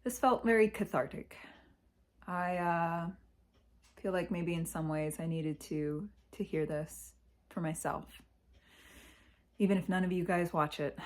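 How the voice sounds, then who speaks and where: A vlogger speaks candidly from her parents' house in a confessional video, her voice fairly low. She's reflective and halting, sighing and pausing, close to tears.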